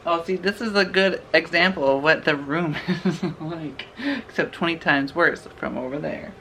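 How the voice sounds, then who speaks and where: A man's voice: a little high, moderate pace, pushed and bright, slight background noise. A young man chatting playfully while shopping in a home goods store, laughing often as he films. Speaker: vlogger. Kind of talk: casual vlog chat while shopping.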